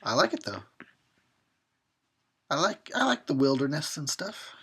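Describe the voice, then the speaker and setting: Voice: medium pitch, big pitch swings, measured pace, a bit bright, husky. A horror host giving a drunken commentary on a film, rambling and swearing and often breaking into laughter.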